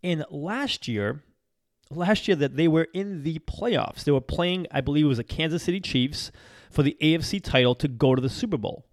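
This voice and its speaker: An energetic man hosts a daily motivational podcast, talking in a chatty, upbeat way. His voice sits a little higher than most men's, and he laughs often and repeats phrases for emphasis. The recording is dry and close, with no room sound. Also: moderate pace, no echo. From Massachusetts. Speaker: podcast host. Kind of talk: motivational talk show monologue.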